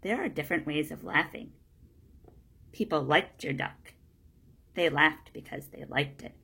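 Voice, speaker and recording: A woman's voice: deep voice, lively intonation, unhurried, vocal fry, sharp tone, slightly rough, heavily acted. A woman voicing a kindly older male wood carver in a storybook, patient and reassuring. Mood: gentle. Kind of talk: storybook character voice.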